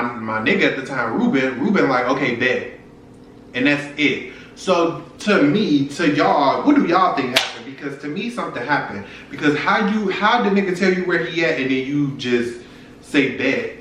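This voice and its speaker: A young male vlogger tells his viewers a personal story in a frank, profane, casual way. His voice is medium-pitched and fairly bright at a normal speed, but he sounds far from the mic and off-mic in an echoey room with slight background noise.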